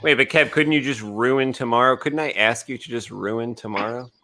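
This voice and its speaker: Bright-voiced easygoing male host. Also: mid-range voice, normal speed, faint music behind. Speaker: stream host. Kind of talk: casual chat on a drawing stream.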